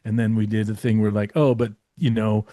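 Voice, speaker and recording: A man's voice: on the low side, little pitch movement, brisk, dark tone, no echo. Man, casual storytelling, rambling, fillers, profane, dry recording. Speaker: podcast guest, former comedy writer.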